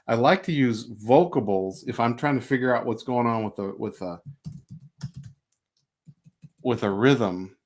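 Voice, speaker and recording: A middle-aged man teaching a music lesson on a livestream, relaxed and chatty, who stops to sing beat syllables to show the rhythm. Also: mid-range voice. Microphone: home livestream mic.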